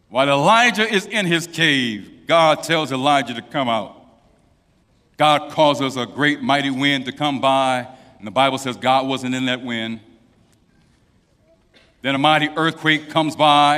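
A man preaches a sermon in a fairly high, bright voice that rings out with force. He swings from hushed, drawn-out phrases to loud, climbing declarations. His voice carries a long reverb, as if he speaks in a large church sanctuary. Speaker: pastor.

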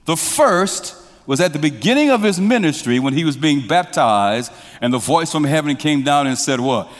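A pastor preaches a sermon in a slightly high, animated voice at a moderate pace, with long hall reverb on the recording. He shifts between hushed lines and emphatic ones and lets the congregation finish his sentences.

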